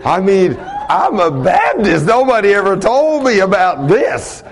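A man's voice: sits high, sing-song, unhurried, some chatter behind. Folksy male preacher telling stories. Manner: folksy, laughs at his own stories; big swings from loud to hushed. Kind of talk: sermon storytelling.

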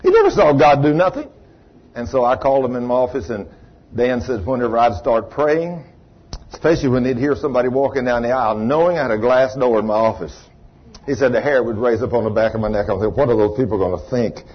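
A man preaching, telling a testimony story in a folksy, animated way and acting out the voices he quotes. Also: medium pitch, quick pace, husky. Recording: dull lo-fi sermon recording.

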